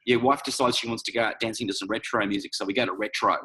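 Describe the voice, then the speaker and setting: A man's voice: fairly low pitch, very fast, poor audio. A man in his forties, a sales coach talking as a guest in a casual podcast chat, blunt and profane as he tells stories. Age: 40s. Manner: blunt, profane, animated storytelling.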